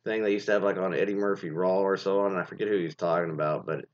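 Through a dull lo-fi recording, a man hosting casual commentary on reader stories reacts to them, rambling with frequent fillers and restarts. His low voice holds a steady tone at a quick pace.

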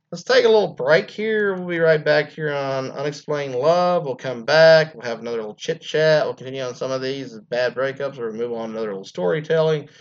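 A man's voice: mid-range voice, muffled recording. A man hosting an internet radio talk show, rambling casually with many fillers and restarts and some crude jokes.

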